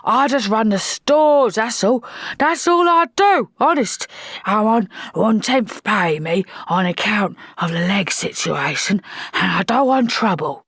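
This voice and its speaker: A woman voicing a grizzled, one-legged old male quartermaster who talks gruffly and defensively, his voice jumping higher than her narration. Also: expressive, a little slow, few pauses, fairly bright tone, dry recording, studio quality, full character voice.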